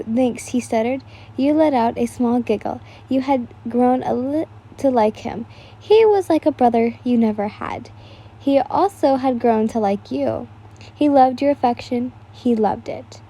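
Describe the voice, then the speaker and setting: A woman's voice: a little high, measured pace, warm tone. A young woman casually reading fan fiction aloud, tired and yawning, breaking off for chatty asides.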